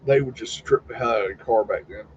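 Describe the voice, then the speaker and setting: A man's voice: mid-range voice, fast talker. A man hosting a live stream, chatting casually and loosely, swearing now and then. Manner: folksy, swears casually, retells chats in quoted voices. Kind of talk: casual rambling commentary. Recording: slightly dull, faint background noise.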